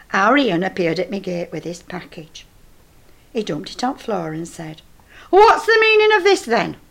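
A woman's voice: mid-range voice, gravelly. An older woman with a Northern English accent, telling a comic monologue in a chatty, gossipy and flustered way.

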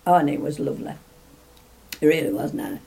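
An older woman tells an anecdote in a meandering, chatty way. Her voice sits fairly low and has a gravelly, creaky edge. She keeps restarting her sentences as she goes. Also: expressive, fairly quick, warm tone. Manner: rambling, full of restarts, laughs while telling. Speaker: interviewee. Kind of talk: reminiscing storytelling.

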